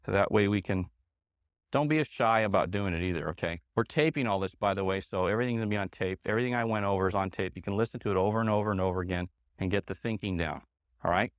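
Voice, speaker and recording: Speaking at a quick pace in a fairly low, smooth voice without any echo, a man delivers a live sales seminar to a room of trainees. He uses a handheld mic in a meeting room with an audience and stays punchy and emphatic, returning to his key points again and again.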